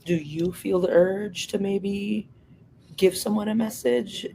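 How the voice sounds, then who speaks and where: A woman co-hosting a podcast, asking questions in a slow, hesitant, soft-spoken way. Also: medium pitch, fairly even intonation, gravelly, a little hiss or hum, rough recording. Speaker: podcast co-host. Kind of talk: casual interview questions.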